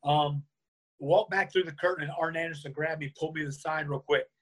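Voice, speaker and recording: A man being interviewed, telling a lively anecdote and acting out the lines of the people in it. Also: fairly high pitch, fairly quick. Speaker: interview guest. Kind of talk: storytelling in a conversation.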